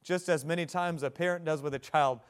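Male pastor, 30s, fairly high voice, emphatic building sermon delivery. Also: steady tone, brisk, clear, resonant tone. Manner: preaching with rising emphasis and repeated phrases.

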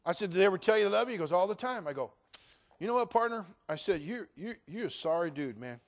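High-voiced man preaching a sermon. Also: animated, quick pace. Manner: preachy, swings from quiet storytelling to loud exhortation. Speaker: pastor.

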